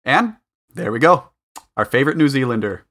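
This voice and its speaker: A man's voice: mid-range voice, lively intonation, normal speed, fairly bright tone. A man co-hosting a podcast in casual chat, talking things through aloud with fillers. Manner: chatty, thinking aloud with fillers. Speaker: podcast co-host.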